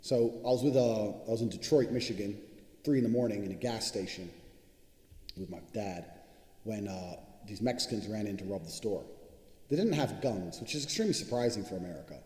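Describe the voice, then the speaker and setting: With a fairly low, dark, animated voice, a man teaching a course gives an improvised motivational talk, swearing a lot and bragging through rapid stories. The room is echoey, with long reverb.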